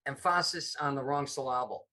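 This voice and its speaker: Middle-aged man, bright, rambling storyteller. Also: mid-range voice, a little fast. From upstate New York. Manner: rambling, repeats himself, many restarts. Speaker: podcast guest, comedy producer. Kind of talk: casual interview chat.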